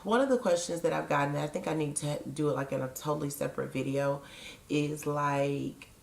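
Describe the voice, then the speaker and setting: Woman, low register, casual confessional vlogger, digressive and blunt, roomy echo. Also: steady tone, brisk, vocal fry, a little mellow. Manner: frank, digressive, joking asides. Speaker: vlogger sharing weight-loss surgery experience. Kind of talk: casual chatty vlog.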